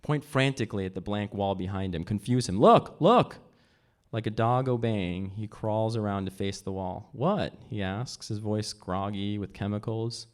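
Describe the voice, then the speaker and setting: A man reading aloud from his own novel at a live event, measured, lifting his voice for the characters' lines. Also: fairly even intonation, a little mellow, smooth. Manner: measured, voices dialogue with pitch jumps.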